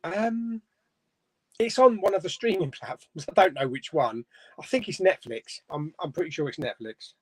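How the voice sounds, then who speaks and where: A man's voice: on the high side, animated, moderate pace, husky, no room sound. A man hosting a casual live stream, reading viewer comments aloud and chuckling between them. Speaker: host of a live chat stream. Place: home room.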